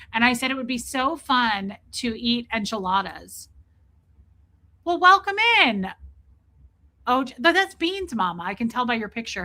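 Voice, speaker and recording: A woman hosting a casual livestream, greeting viewers by name and telling a self-mocking story in an animated way. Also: a little high. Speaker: livestream host. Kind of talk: casual livestream chat reading viewer comments.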